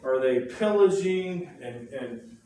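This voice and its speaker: A man teaching a history class, spinning the lesson as a lively story full of rhetorical questions and quick asides. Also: mid-range voice, a little hiss or hum. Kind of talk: classroom lecture. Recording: very echoey room, mic far off.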